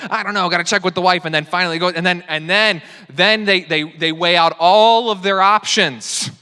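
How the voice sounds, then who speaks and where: Animated young pastor in a reverberant hall. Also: male voice, fairly high pitch, smooth. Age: young adult. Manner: animated, self-mocking, acts out quoted excuses. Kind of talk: sermon. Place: church sanctuary.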